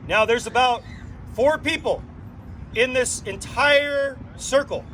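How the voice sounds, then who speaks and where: A man with a strikingly high voice addresses a circle gathered outdoors, speaking in an inspirational, playful way and dotting his talk with rhetorical questions. Faint noise sits behind him. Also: slow pace, rough recording. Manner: asks frequent rhetorical questions; playful and animated storytelling. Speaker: drum circle leader.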